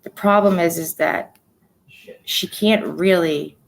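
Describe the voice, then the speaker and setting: A woman in her forties giving a personal livestream update, soft-spoken and halting, often dropping to a near-whisper. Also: on the low side, creaky, low-quality recording. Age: 40s. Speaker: livestream host.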